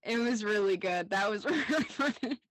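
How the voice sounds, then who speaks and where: A woman's voice: medium pitch, moderate pace, a little hiss or hum. A young woman co-hosting a rewatch podcast, recapping scenes in casual chat, laughing often and saying "like" a lot. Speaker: podcast co-host.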